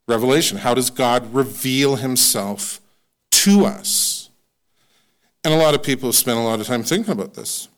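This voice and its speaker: Smooth-voiced male pastor preaching. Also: mid-range voice, a bit bright. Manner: conversational, self-deprecating humor. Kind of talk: sermon.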